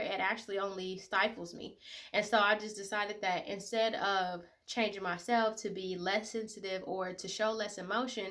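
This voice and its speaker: Talking to her viewers in a casual, heartfelt way, this twentysomething vlogger has a medium-pitched voice that sounds pushed and bright. She's emotional, occasionally tearful, and leans on lots of fillers.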